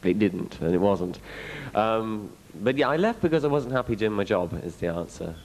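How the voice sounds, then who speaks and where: A young Englishman with an English accent, appearing as a guest actor, fields fan questions at a convention panel with blunt candor. His voice sits on the low side and is expressive, moving at a normal pace. The recording is rough.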